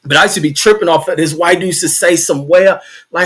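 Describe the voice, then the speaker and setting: Profane, animated storyteller man. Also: fairly high pitch, quick pace, husky. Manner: profane, animated storytelling, reading chat comments aloud. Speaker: host. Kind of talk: casual storytelling.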